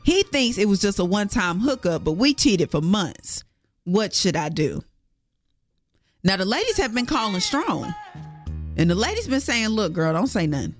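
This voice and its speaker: A woman's voice: medium pitch, very animated, moderate pace, faint music behind. A woman hosting a morning radio show, playful and laughing, reading listener letters on air. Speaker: radio co-host.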